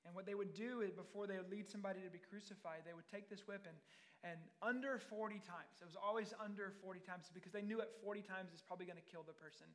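A man's voice: high-pitched, fairly even intonation, quick pace, fairly bright tone. A man preaching a sermon, reading scripture aloud and then explaining it with earnest, building intensity.

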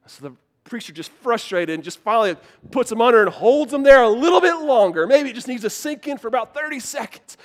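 A man with a high, light voice preaching a sermon. He tells stories with animated energy, rises loud for punchlines and drops low to repeat his main points for emphasis. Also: a little fast. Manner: animated storytelling, repeats key lines for emphasis. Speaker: pastor.

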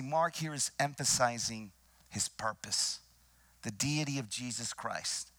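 A man preaching a sermon with dramatic, deliberate delivery, repeating phrases and dropping into whispers for emphasis. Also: mid-range voice, gravelly, bright, forceful tone, husky. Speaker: pastor.

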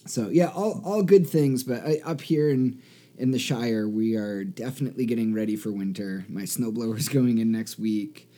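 A man's voice: mid-range voice, normal speed, warm tone. A man co-hosting a podcast, chatting in an easygoing way and laughing readily. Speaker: podcast co-host. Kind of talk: casual chat.

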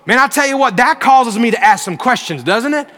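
High, bright-voiced preaching man. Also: expressive, a little fast, long reverb tail. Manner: earnest storytelling with emphatic rises. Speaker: pastor. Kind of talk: sermon.

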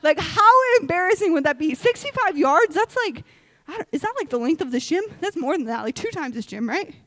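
A woman's voice: very high voice, fairly quick, no room sound. A young woman preaching to a youth group in a gym, telling stories animatedly and checking in with "okay?" after nearly every line. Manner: animated storytelling, peppered with "okay?". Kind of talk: energetic sermon to a youth group.

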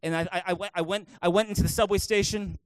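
A male pastor delivers a sermon story at a rapid clip in a high voice. The sound is dry and close. He tells it animatedly, often restarting his phrases. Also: steady tone, no echo. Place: church.

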